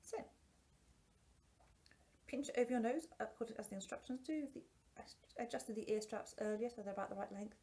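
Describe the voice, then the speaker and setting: A singing teacher gives a casual product review through a face mask, her voice slightly muffled. She speaks briskly with long pauses, pitched on the high side with a dark tone, and keeps restarting and poking fun at herself.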